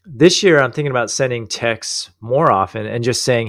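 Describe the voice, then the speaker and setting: A man's voice: medium pitch, normal speed. A man co-hosting a casual business chat, asking curious follow-up questions. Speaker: online store owner and co-host.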